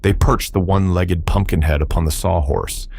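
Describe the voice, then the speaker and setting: Brief: low-voiced male audiobook narrator, dry close sound, measured. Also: fairly even intonation, vocal fry, a little mellow, slightly rough, dry recording. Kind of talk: scripted narration.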